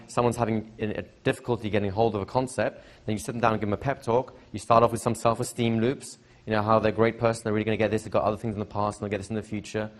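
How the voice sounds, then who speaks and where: A middle-aged man teaching hypnosis to a live seminar audience, chatty and repetitive, often checking in with questions. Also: on the low side. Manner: conversational, repeats phrases, asks the audience questions. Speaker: hypnosis trainer.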